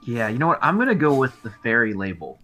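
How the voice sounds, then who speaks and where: Bright-voiced male tabletop player. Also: mid-range voice, very animated, fast, soft background music. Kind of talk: casual in-character tabletop play.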